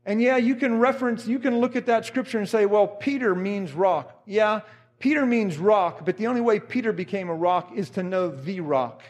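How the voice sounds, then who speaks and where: A middle-aged man preaching a fervent sermon, repeating phrases and rising to shouts. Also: high voice, moderate pace.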